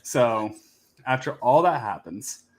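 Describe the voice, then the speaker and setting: A man's voice: mid-range voice, expressive, takes it slowly. Hesitant man in a casual podcast chat. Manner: hesitant, with frequent ums and restarts. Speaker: podcast co-host.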